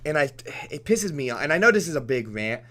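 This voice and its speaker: A young man on his game stream breaks into a heated, profanity-laced rant, tripping over his own phrasing and laughing it off. His voice sits a little high and leaps around in pitch as he gets worked up. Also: sing-song, quick pace, a bit bright, slight background noise. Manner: impassioned, profane, rambling with restarts and laughs. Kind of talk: off-topic rant during a let's play.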